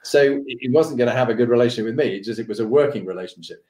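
A man's voice: mid-range voice, very fast, warm tone, reverberant. A man telling an anecdote from his army days, acting out the dialogue with different voices and laughing as he goes. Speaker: storyteller recalling army days.

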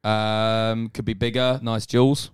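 A man's voice: fairly low pitch, flat delivery, unhurried, smooth. Dry, teasing man on a podcast. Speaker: podcast co-host. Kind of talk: casual chat. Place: on a bed at home. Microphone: handheld mic.

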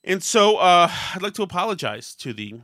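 A man's voice: high voice, big pitch swings, normal speed, pushed and bright, no echo, studio quality. A man hosting a podcast, telling a self-deprecating story in casual chat and acting out the quotes with lots of animation. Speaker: podcast host.

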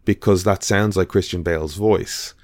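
A man's voice: low-pitched, fairly even intonation, normal speed, a little mellow, no echo, studio quality. A man hosting a podcast in casual chat, rambling and hesitant with lots of fillers. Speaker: podcast host.

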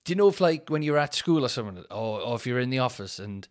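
A man chats alone into his podcast mic, sweary and animated. He rants with a lively voice that jumps up in pitch and loudness whenever something annoys him. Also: quick pace. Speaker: podcast host. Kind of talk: casual solo chat. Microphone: headphones in, home podcast mic.

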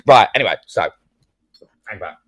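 A man's voice: lowish voice, lively intonation, moderate pace, a bit bright, no room sound. A man co-hosting a podcast and running a game, chatting casually with lots of swearing and laughter. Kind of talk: casual chat.

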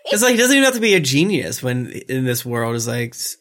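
A man's voice: mid-range voice, sing-song, fast, a bit bright. A man co-hosting a podcast, riffing on absurd jokes in casual chat and rambling through restarts. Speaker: podcast co-host.

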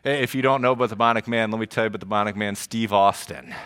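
A middle-aged man preaching a sermon to his congregation in an animated, joking, conversational way. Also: fairly low pitch, fast, clear, resonant tone. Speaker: pastor. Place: church service before a congregation.

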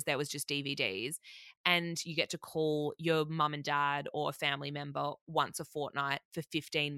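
A woman's voice: low-pitched, sharp tone, clear, resonant tone, dry recording, studio quality. A young woman telling stories casually, chatty and full of fillers and swearing. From Australia. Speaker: former reality show contestant. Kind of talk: casual storytelling.

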